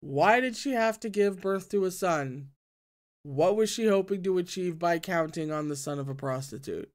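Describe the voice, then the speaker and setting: A drunk, gruff older sect leader slurs out dismissive complaints, as a reader puts him on. The voice sits at a middling pitch and stays close to the reader's own. It is read as a character in a novel. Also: moderate pace, close to an everyday voice. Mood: bitter. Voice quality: gruff, slurred. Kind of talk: audiobook-style fan reading.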